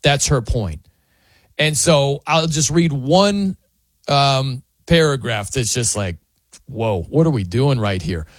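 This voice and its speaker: A man's voice: medium pitch, slow, no room sound. A man hosting a sports talk show, giving an opinionated monologue with a mocking, incredulous tone. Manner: incredulous, mocking, animated reading. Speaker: sports commentary host.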